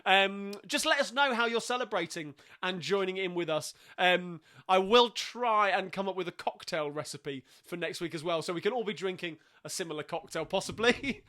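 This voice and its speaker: A man's voice: high-pitched, expressive, moderate pace, pushed and bright. A tired man hosting a casual livestream sing-along from home, chatting at a rambling pace with many ums.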